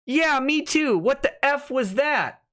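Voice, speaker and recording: A man's voice: extremely high pitch, animated, slow pace, bright, forceful tone. Man, livestream host, casual commentary, sardonic, reads documents aloud, mocking asides. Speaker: lawyer hosting a livestream.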